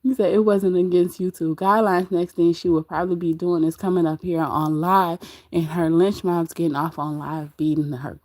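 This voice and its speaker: With a lowish, darkish voice and fairly even intonation, the livestream host talks at a moderate pace in a dry, studio-quality recording. She chats casually about another streamer, often laughing as she reads messages from the chat.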